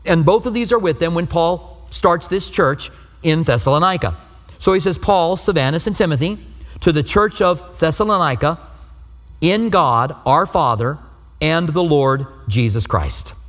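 A man's voice: fairly high pitch, expressive, measured pace, fairly bright tone. A man preaching a verse-by-verse Bible teaching sermon as pastor, earnest and explanatory, repeating phrases for emphasis. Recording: long reverb of a hall.

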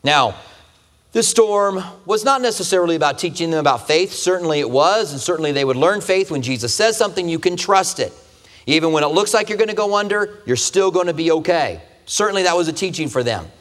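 A man's voice: on the high side, expressive, fairly quick, a bit bright. A man preaching a conversational sermon, asking the listeners rhetorical questions. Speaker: pastor. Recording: long hall reverb.

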